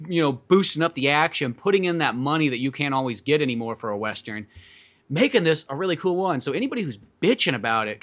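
A man co-hosts a movie podcast, chatting casually about films in a rambling, profane way full of fillers and acting out quoted lines. His voice is fairly high-pitched with a fairly bright tone.

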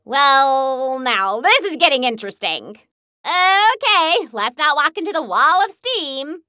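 A woman's voice: high voice, expressive, takes it slowly, pushed and bright, no echo, clean studio sound, heavily acted. A woman voicing a hyper, gleeful young huntress in a video game who loves smashing things, bubbly and bouncy. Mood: chatty. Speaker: game character.

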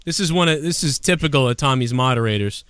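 A man's voice: mid-range voice, lively intonation, fast, a bit bright, clean tone, no room sound, clean studio sound. A man hosting a show, arguing heatedly with a caller and mocking him with insults. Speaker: show host. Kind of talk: heated call-in argument.

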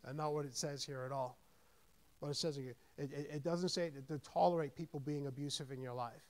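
A man's voice: a little high, fairly even intonation, fairly quick, darkish tone. A man preaching a sermon as pastor, reading scripture aloud with rising emphasis and dropping into plain asides, often repeating words as he goes. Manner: repeats words and restarts when thinking aloud.

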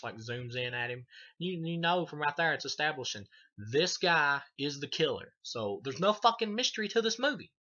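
A man's voice: medium pitch, pushed and bright, dull audio. A man giving a casual, profane film review, rambling and laughing as he retells scenes. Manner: rambling, swears a lot, laughs often. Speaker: movie reviewer.

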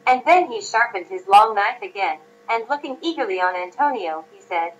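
A woman reading a classic story aloud as an audiobook narrator, at a steady, even pace. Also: mid-range voice, moderate pace, few pauses, rough recording.

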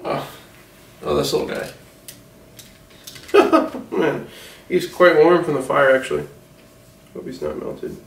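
A man's voice: a little high, very animated, slow pace, vocal fry, long pauses, roomy sound, recorded from a distance, full character voice, poor audio. A man playing a rambling, self-important older film mogul in a satirical mock interview, distracted and defensive.

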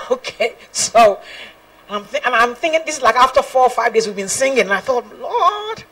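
A woman's voice: on the high side, a little fast, fairly bright tone, breathy edge, recorded from a distance, low-quality recording. A woman gospel singer giving an earnest personal testimony, laughing often and quoting scripture.

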